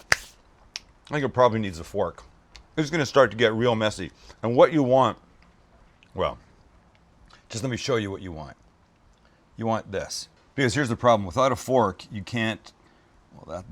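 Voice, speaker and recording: A man hosting a casual cooking show. He gushes over the food with exclamations and chats with his crew as he builds a dish. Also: on the low side. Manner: gushing, exclamatory praise of food; chatty asides to crew.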